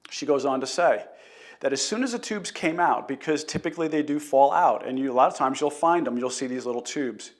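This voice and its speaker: A man's voice: mid-range voice, a little fast. A middle-aged man hosting a live health talk, telling a patient story in an earnest way and greeting viewers. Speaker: chiropractor host.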